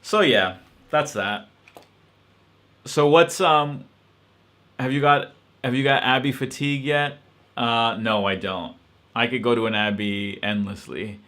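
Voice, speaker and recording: Male host, middle pitch, bright tense voice, thinks aloud with frequent fillers. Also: a little slow, pauses often. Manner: hesitant, many ums and restarts, reflective. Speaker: channel host answering live-stream questions. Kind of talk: casual live-stream Q&A.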